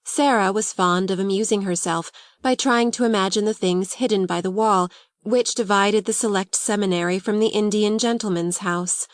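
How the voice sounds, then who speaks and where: A woman's voice: medium pitch, steady tone, no room sound. Woman narrating a classic novel, dry sound. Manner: measured storytelling. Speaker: audiobook narrator. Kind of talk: scripted narration.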